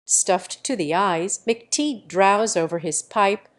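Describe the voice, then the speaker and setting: A woman narrating a classic novel as an audiobook, in a measured, even storytelling manner. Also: medium pitch. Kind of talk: scripted narration.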